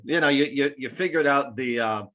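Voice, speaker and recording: A man's voice: mid-range voice, a little fast, fairly bright tone. A man co-hosting an online show, chatting casually with a joking, self-deprecating, rambling manner. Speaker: co-host and club growth director. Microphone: video call. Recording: dull lo-fi video call audio.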